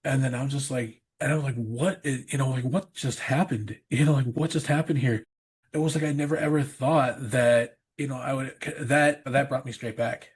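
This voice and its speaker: A man's voice: mid-range voice, fairly even intonation, moderate pace, husky. A man, a pastor guest on a podcast, earnestly telling a personal story in a rambling way, often repeating himself.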